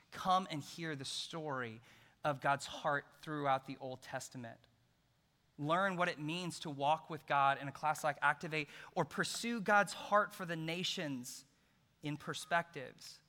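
A middle-aged man preaching a sermon as pastor, telling a story and swinging between loud emphasis and hushed, soft passages. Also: fairly high pitch, a little slow. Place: large church hall. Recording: long hall reverb.

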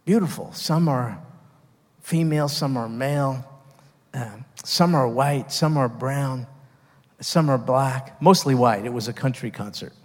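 A man's voice: medium pitch, measured pace, in a large hall. A man preaching a sermon, earnest and emphatic, stopping and restarting as he builds his points. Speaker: pastor.

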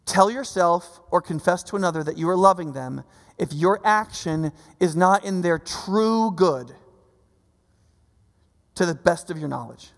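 High-voiced, gravelly man preaching in a hall. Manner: conversational, animated, acts out quotes. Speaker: pastor. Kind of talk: sermon.

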